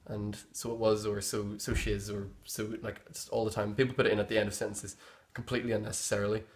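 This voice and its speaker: A man's voice: fairly low pitch, flat delivery, fast talker. A young man with a Northern Irish accent, explaining local slang in a rambling, easygoing way as he searches for words. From Northern Ireland. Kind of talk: casual explanation.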